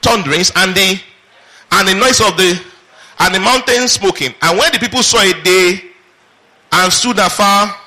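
A man preaches with a high, bright voice that carries a husky edge. He keeps throwing questions out to the congregation and waiting for them to answer. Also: moderate pace, long pauses. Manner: call-and-response questions to the congregation. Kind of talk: sermon.

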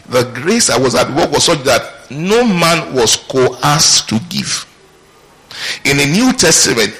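A man's voice: mid-range voice, sharp tone, low-quality recording. A male pastor preaching a sermon, reading scripture aloud and asking his congregation questions as he teaches.

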